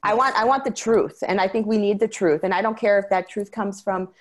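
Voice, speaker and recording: A woman guest in an interview, talking earnestly and quickly, with frequent fillers and restarts. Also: mid-range voice, fairly even intonation. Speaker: interview guest, medication-transparency advocate. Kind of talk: conversational interview.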